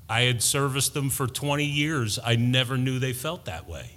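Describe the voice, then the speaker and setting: Middle-aged male preacher, bright forceful tone, deliberate sermon delivery, reverberant hall. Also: mid-range voice. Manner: slow, deliberate preaching with emphatic builds.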